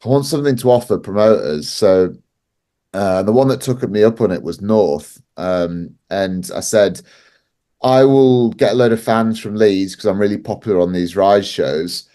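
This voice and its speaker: Chatty man, slightly low voice. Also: mellow. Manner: chatty, laughs often, peppers speech with "like". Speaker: wrestling promoter guest. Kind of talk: casual podcast storytelling.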